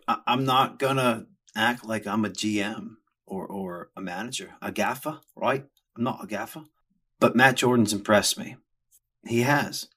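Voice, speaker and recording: Brief: middle-aged man, podcast host, crude joking rants, husky and lowish voice. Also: fairly bright tone. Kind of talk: casual comedic rant.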